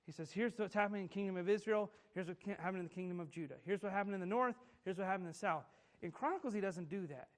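A man's voice: high voice, racing. A man preaching a sermon, emphatic and repetitive, asking rhetorical questions of his listeners. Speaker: pastor.

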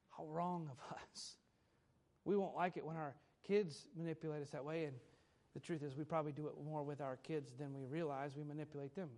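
High-voiced man preaching a sermon. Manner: storytelling, emphatic with sudden loud bursts. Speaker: pastor.

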